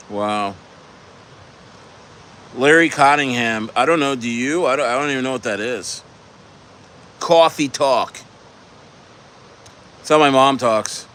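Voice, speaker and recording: A man's voice: medium pitch, fairly bright tone. Male stream host from New Jersey, loose and rambling, restarts his sentences a lot. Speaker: livestream host. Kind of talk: casual chat.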